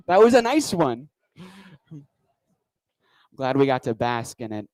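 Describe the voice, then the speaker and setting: A man's voice: a little high, sing-song, moderate pace, pauses often, darkish tone, no room sound, rough recording. Wry rambling stand-up comedian man. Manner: rambling, wry, self-interrupting delivery. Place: comedy club stage.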